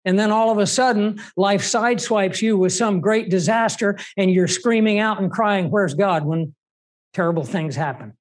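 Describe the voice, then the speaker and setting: A man's voice: high-pitched, darkish tone. A man preaching a sermon in an emphatic way, asking rhetorical questions.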